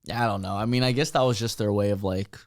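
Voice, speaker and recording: A man's voice: lowish voice, fairly even intonation, quick pace, dry recording, clean studio sound. A young man co-hosting a podcast, joking and laid-back, heavy on slang. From Filipino-American family. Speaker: podcast co-host. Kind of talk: casual chat.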